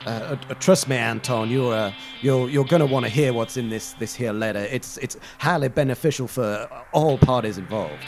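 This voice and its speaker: A man's voice: mid-range voice, moderate pace, hardly any pauses, a little mellow, soft background music, natural voice. A man voicing a nervous Western townsman who stammers in a comic game role-play. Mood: pleading. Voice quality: jittery, stammering.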